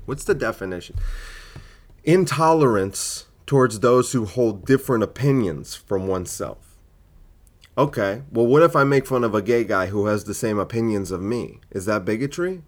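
A man, a comedian, arguing his point in a solo podcast monologue, full of rhetorical questions and fillers. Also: mid-range voice.

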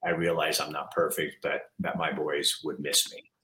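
Host: middle-aged man, very low voice, earnest and candid, echoey room. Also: level tone, normal speed, sharp tone. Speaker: podcast host. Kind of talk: heartfelt interview chat. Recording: roomy echo.

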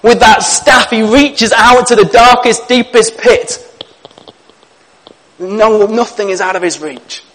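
A male pastor preaching a sermon in an earnest, gentle way, slowing down to read scripture reflectively. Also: high-pitched, poor audio.

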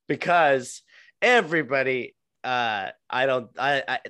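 A man's voice: medium pitch, unhurried, pushed and bright, clear, resonant tone, dry recording. A man co-hosting a podcast, chatting casually about fights in a rambling, joking way and stumbling over names. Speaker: podcast co-host.

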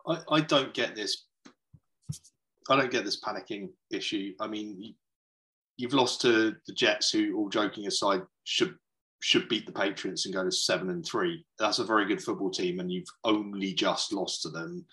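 A man with a very deep yet bright, forceful voice rants about football on a casual podcast. He sounds indignant and keeps pressing his point. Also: moderate pace, rough recording. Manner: indignant, ranting. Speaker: podcast co-host. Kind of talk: casual sports chat.

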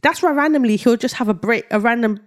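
A woman co-hosting a casual podcast chat, telling stories in an animated, gushing way with frequent laughter. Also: fairly high pitch, fast. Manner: animated, gushing storyteller who laughs often. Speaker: podcast co-host. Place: indoor podcast recording.

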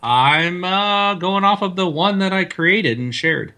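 A man with a very bright, ringing voice, pitched a little above most men, chatting casually on a home desk mic. He tells gaming stories with lots of animation, jumping up in pitch as he acts out the yelling. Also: slow. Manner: animated storyteller, voice rising high when retelling yelling. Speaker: podcast co-host. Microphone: desk mic, loosely mounted.

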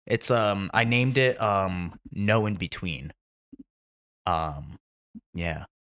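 Low, bright-voiced man, halting. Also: animated. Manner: hesitant, full of ums. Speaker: podcast host. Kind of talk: casual chat.

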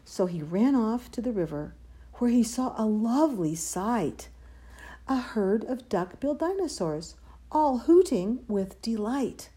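A woman's voice: on the high side, animated, unhurried, mellow, slightly rough. A woman reading a rhyming children's picture book aloud with a lilting, sing-song rhythm. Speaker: storyteller.

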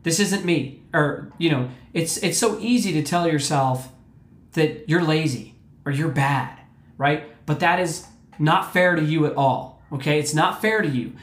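A man's voice: fairly high pitch, unhurried. Male podcast host, earnest and emphatic, keeps checking in with listeners; roomy echo on the recording. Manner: emphatic, repetitive, checks in with "okay?". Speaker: mental health podcast host. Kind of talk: earnest motivational talk. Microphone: podcast mic.

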